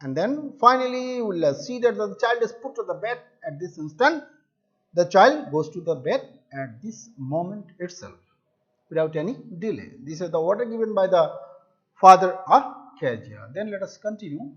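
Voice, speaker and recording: High-voiced man teaching a story lesson. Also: big pitch swings, normal speed, fairly bright tone. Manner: repeats and restates words to explain them; addresses listeners as dear children. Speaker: English teacher. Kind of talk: classroom story explanation. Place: home or classroom video lesson. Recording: dull lo-fi recording.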